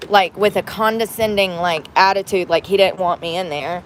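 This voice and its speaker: A woman's voice: on the low side, moderate pace, slight background noise. A woman chatting casually and candidly to her viewers from inside a truck, rambling and cursing freely. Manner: candid, rambling, salty language. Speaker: vlogger. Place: inside a truck at a gas station.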